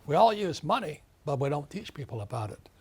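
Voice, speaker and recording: A man's voice: a little high, very animated, brisk, darkish tone, breathy edge. An older man in his seventies, an author being interviewed, speaking emphatically in a ranting way. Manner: emphatic, ranting, acts out quoted voices. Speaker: author and guest.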